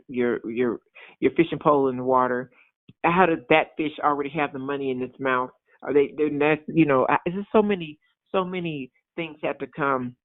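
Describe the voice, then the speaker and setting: A man preaching an informal sermon in an animated, repetitive way, often acting out excited voices. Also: a little high, no room sound. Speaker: pastor. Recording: tinny phone-like sound.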